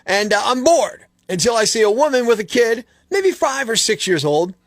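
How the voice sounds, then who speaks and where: High-voiced radio host, animated. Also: male voice, normal speed, dry recording, studio quality. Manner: animated storyteller, laughs often. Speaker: radio morning show host. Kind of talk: casual radio talk and news jokes. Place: radio studio. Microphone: studio microphone.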